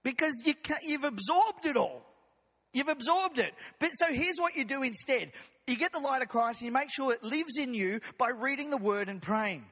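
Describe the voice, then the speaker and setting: A man preaching a lively, jokey sermon as pastor, acting out voices of his congregation. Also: extremely high pitch, moderate pace. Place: church hall. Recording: long hall reverb.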